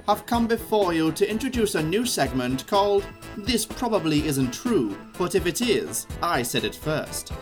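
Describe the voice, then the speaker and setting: Put-on prim British male announcer, polished and animated, with music underneath. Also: medium pitch. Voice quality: proper, polished delivery. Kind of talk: scripted segment intro. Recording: voice over clear music bed.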